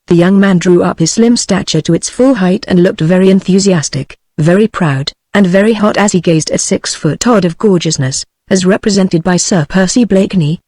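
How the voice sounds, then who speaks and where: A woman's voice: on the low side, normal speed, few pauses, no room sound. Synthetic British female narrator, dry close sound, evenly paced audiobook reading, no character voices. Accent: British English. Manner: even, unacted reading of all characters.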